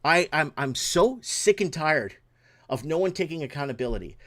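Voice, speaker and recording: A male host of a late-night talk stream, talking loosely and getting worked up. His voice sits a bit high for a man, and he swears and restarts sentences as he vents. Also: animated, moderate pace, fairly bright tone. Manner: angry, swearing, rambling with restarts. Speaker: show host. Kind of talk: casual livestream rant.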